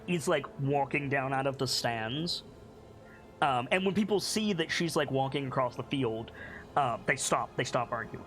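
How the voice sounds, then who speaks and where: A man's voice: medium pitch, measured pace, a bit bright, faint music behind. Casual man narrating as game master. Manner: casual, with many fillers.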